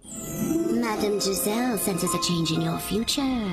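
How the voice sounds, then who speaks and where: A woman playing a theatrical female fortune teller in a radio ad, making slow, mysterious pronouncements. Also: medium pitch, lively intonation. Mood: mystical. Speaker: radio ad character. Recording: radio ad with faint music.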